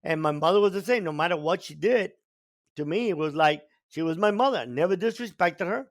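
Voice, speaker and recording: A man's voice: high voice, animated, fairly quick. An older man from Cuba, a podcast guest telling his life story with emphatic, repeated stresses. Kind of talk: storytelling in an interview.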